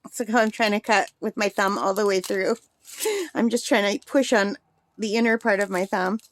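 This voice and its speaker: A woman's voice: mid-range voice, steady tone, moderate pace. A middle-aged woman talking casually and rambling as she works on a craft vlog, laughing often. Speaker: craft vlogger.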